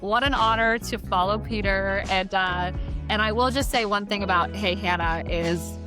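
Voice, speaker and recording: Halting young woman podcast guest. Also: mid-range voice, music in the background. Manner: warm, halting, many restarts and fillers. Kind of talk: casual chat.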